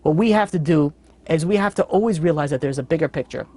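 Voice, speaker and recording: A man's voice: a little high, fast. Earnest rabbi man telling a story. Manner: earnest, animated, fond of "you know". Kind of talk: storytelling sermon.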